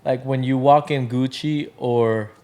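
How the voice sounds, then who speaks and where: Unhurried and a little mellow, this podcast guest keeps his medium-pitched voice fairly even. He is a drink brand founder from Washington state's Tri-Cities area, chatting casually. Fillers pile up as he rambles, and he acts out what others said.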